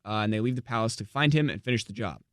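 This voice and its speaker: A man's voice: fairly low pitch, rapid-fire, clear, resonant tone, no room sound, clean studio sound. A man co-hosting a podcast, casually recapping a film with lots of fillers and laughs. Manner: rambling, filler-heavy, laughs often. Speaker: podcast co-host. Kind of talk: casual chat recapping a movie. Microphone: studio microphone.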